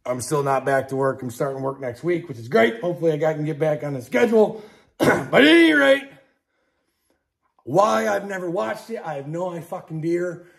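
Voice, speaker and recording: A middle-aged man hosting a podcast, ranting angrily and profanely about politics, dropping from low mutters to outbursts while drinking beer. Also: animated, normal speed, creaky. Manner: angry, profane, swings between muttering and shouting. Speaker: podcast host.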